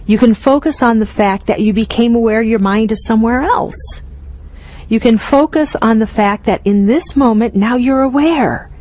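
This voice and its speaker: Slow, gentle woman meditation teacher. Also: fairly high pitch. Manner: gentle, unhurried, with soft laughs and fillers. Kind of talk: dharma talk at a retreat.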